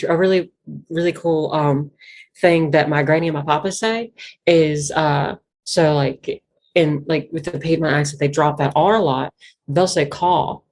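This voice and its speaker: A woman with a Virginia foothill Appalachian accent talks in a low voice during a casual interview. She rambles, restarting sentences and stacking fillers as she goes. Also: darkish tone. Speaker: guest musician.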